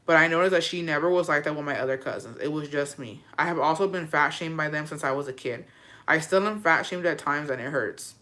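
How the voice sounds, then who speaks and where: A woman's voice: sits low, brisk, a bit bright. A woman hosting a casual advice podcast, reading listener letters aloud and answering with frank, slangy talk and free swearing. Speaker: podcast host giving advice.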